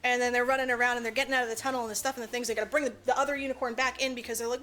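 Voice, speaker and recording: A woman's voice: sits high, racing. A woman co-hosting a podcast, recapping a movie in casual, profane chat and acting out the characters' lines. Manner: animated, profane, acts out quotes. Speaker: podcast co-host.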